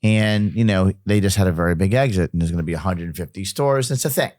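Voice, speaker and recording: A man's voice: low voice, fast talker, darkish tone, dry recording, studio quality. A middle-aged man, a podcast guest, talking casually and emphatically, often repeating himself and restarting sentences.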